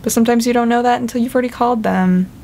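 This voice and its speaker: A young woman in her twenties vlogging in casual chat, chatty and animated, acting out quoted voices with big jumps in pitch. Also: racing, vocal fry.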